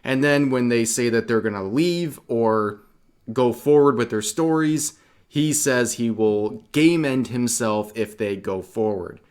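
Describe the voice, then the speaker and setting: A man's voice: medium pitch, measured pace, a little mellow, clean tone. Indignant male commentary host. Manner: indignant, reading chat logs aloud with disgust. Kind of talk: online commentary video.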